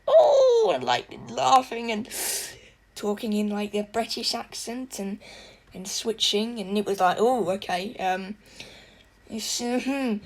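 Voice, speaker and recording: A young woman giving a casual spoken movie review, chatty and rambling with lots of fillers and restarts. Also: mid-range voice.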